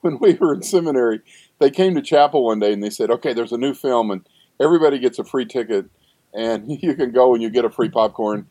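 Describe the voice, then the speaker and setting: A man's voice: medium pitch, animated, quick pace, mellow, dry recording. An older man, a seminary professor, talking in a rambling conversational interview with frequent restarts and asides.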